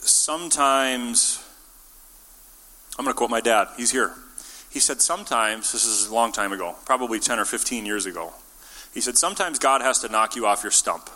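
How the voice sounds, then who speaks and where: A man delivers a conversational sermon, casual and playful, slipping into little acted-out voices for the people in his story. His tone is bright and forceful. A long reverb trails after him, as in a large church. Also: mid-range voice, normal speed. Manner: casual and jokey, acts out quotes. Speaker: preacher.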